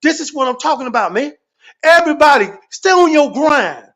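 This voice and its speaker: A man with an unusually high-pitched voice holds forth on a livestream, spinning comic stories and rants. His delivery is animated and repetitive, and he swears freely in nearly every sentence. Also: brisk. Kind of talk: profane storytelling rant.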